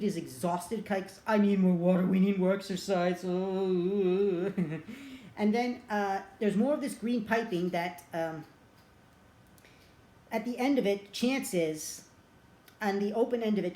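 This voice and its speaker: Woman rambling thru a movie plot, mid-pitched voice, lots of uhs, echoey room. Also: a little mellow. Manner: rambling, chatty, frequent uh fillers. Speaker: movie reviewer. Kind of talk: casual plot retelling. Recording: roomy echo.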